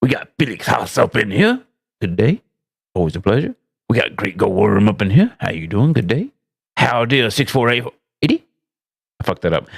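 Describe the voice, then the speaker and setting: A man hosting a casual live stream, loudly greeting his chat with rambling, profane, self-mocking asides. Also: gravelly, breathy edge. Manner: greets chat loudly with big swooping pitch jumps. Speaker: livestream host.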